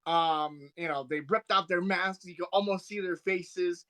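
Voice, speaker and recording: A man with a bright, lifted voice, a touch higher than most, talking casually on a podcast. He rambles eagerly, restarting sentences as his excitement runs ahead of him. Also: unhurried. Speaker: podcast co-host. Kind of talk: casual wrestling podcast chat.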